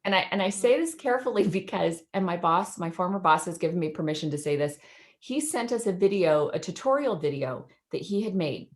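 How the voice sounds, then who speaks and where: A woman's voice: on the low side, lively intonation, a little fast. A woman educator giving a chatty, enthusiastic screen-share demo over a video call, laughing often. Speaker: educator presenting in a webinar.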